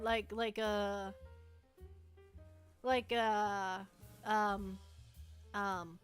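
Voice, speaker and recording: A woman's voice: medium pitch, flat delivery, extremely slow, pauses often, a bit bright, smooth, faint music behind. A young woman chatting casually on a livestream, rambling playfully and restarting her sentences.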